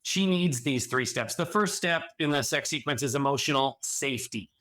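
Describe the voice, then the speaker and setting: A man's voice: mid-range voice, normal speed, sharp tone. A middle-aged man talking earnestly as a podcast guest, explaining at length with frequent restarts. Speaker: podcast guest, addiction and sexual health counselor. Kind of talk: conversational podcast interview.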